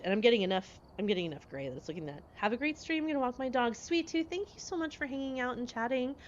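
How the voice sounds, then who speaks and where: A woman in her forties chatting casually with her live-stream viewers, lively and quick to laugh as she answers chat. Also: mid-range voice, dull audio, slight background noise.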